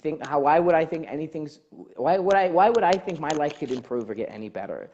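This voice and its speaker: A man hosts a casual podcast talk and speaks as a life coach. His pitch jumps around a lot while he rambles and restarts. The sound is dull and a little lo-fi. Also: brisk, a little hiss or hum. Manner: animated, rambling, frequent fillers and restarts. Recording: dull lo-fi audio.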